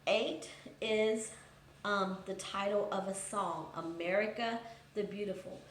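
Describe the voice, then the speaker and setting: Woman teacher, patient and methodical, mid-pitched voice, roomy echo, faint background hiss. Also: steady tone, a little slow. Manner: patient, methodical, reads example sentences aloud then explains. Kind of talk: recorded grammar lesson for students.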